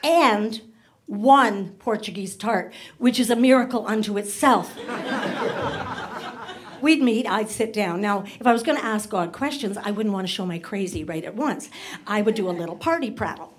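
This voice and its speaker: A woman performing a stand-up comedy set on stage, chatty and quick to slip into voices for characters. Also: medium pitch. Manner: chatty, rapid shifts into voiced asides. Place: comedy club stage before a laughing audience.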